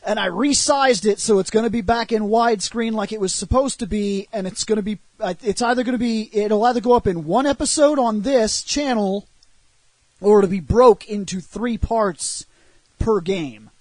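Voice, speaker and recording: A man's voice: sits high, moderate pace, a little mellow, no room sound. A man co-hosting a casual review podcast, explaining things in a laid-back, rambling way. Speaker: podcast co-host and channel editor.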